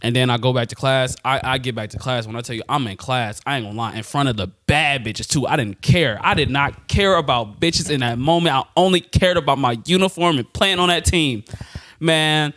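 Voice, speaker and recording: A young man on a podcast, casually telling a story in slangy, animated talk and laughing often. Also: mid-range voice, fairly quick, dry recording, studio quality. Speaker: podcast co-host.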